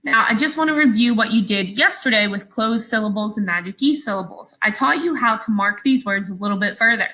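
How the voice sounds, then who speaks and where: A woman teaching a phonics lesson for small children, speaking slowly and patiently and sounding out each word with care. Her voice has a bright, clear ring, and her pitch sits at a middle height for a woman. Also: rough recording.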